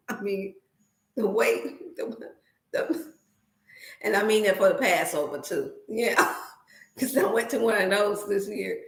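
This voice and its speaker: A woman's voice: mid-range voice, takes it slowly, creaky, long pauses, roomy sound. A woman host telling a funny story in a casual livestream, laughing often and slipping into preachy asides. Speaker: wellness channel host.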